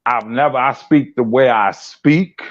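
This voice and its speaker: A man talking bluntly in a casual live-stream chat, animated, swearing and often laughing. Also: mid-range voice, measured pace. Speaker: guest commentator. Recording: dull lo-fi stream audio.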